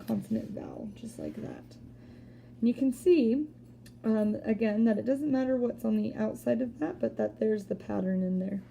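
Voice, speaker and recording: A woman teacher giving a recorded spelling lesson, patiently explaining step by step and sounding out words slowly. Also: medium pitch, vocal fry, dark tone, slight background noise. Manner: slow deliberate word-by-word sounding out.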